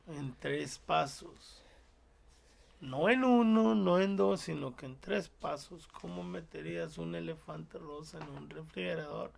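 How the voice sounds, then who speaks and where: A man chats loosely on a podcast, joking and hopping between two languages. His voice is heavily gravelly and sits a little high for a man. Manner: joking, switching between Spanish and English. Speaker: podcast co-host. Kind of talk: casual chat.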